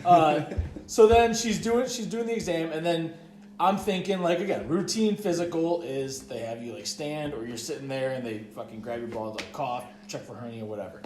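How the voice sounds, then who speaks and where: A man's voice: a little high, normal speed, a little mellow. Young man rambling through a story. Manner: rambling, profane, heavy use of "like". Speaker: podcast co-host. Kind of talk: casual storytelling chat. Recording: echoey room.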